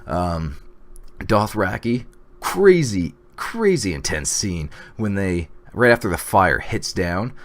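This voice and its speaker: A man casually recapping a TV episode, rambling with fillers and excited reactions. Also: deep voice, slow pace, slight background noise. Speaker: TV episode reviewer. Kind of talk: casual video review.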